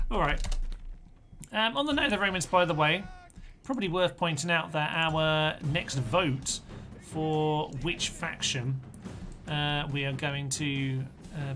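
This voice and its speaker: A man's voice: on the high side, pushed and bright, a little hiss or hum. Chatty Englishman narrating a strategy game. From England. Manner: chatty, thinking aloud, talking to his units. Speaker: streamer. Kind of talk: live strategy game commentary.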